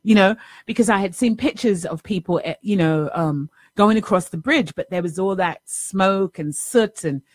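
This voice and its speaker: Animated woman life coach telling a story. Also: mid-range voice, normal speed, hardly any pauses, no room sound, clean studio sound. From New York City. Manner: animated, repeats herself, rhetorical "right?" asides. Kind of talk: personal storytelling monologue.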